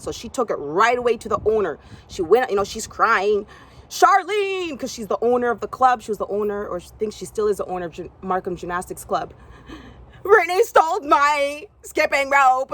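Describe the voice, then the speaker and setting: A young Canadian woman recounts a personal story from her gymnastics days, switching to a higher voice whenever she acts out what other people said.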